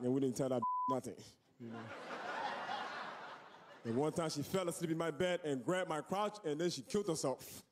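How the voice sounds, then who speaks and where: A man performing a loud, profane stand-up comedy set on a club stage. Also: mid-range voice. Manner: loud, profane, shouting punchlines.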